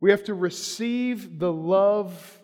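A male pastor with a fairly high voice, preaching in a lively, conversational storytelling way. His words trail off in a long hall reverb. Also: takes it slowly. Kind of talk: sermon.

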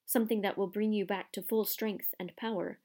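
A woman voicing a young, wise male centaur who speaks in a grave, measured way. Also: medium pitch, steady tone, darkish tone, lightly acted. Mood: solemn. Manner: solemn, measured.

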